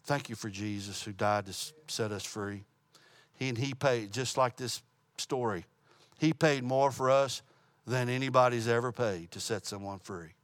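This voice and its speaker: A man's voice: medium pitch, normal speed, dry recording. Earnest man teaching a Bible study. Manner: earnest, plain-spoken, with small restarts. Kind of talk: sermon with storytelling.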